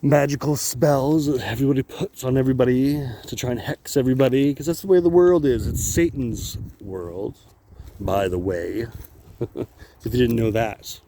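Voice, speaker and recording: A man's voice: medium pitch, steady tone, moderate pace, mellow, slight background noise. A man talking in a rambling, profane monologue while walking outdoors on a wooded path, filming himself with a handheld camera. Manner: rambling, profane, laughs often. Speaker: vlogger.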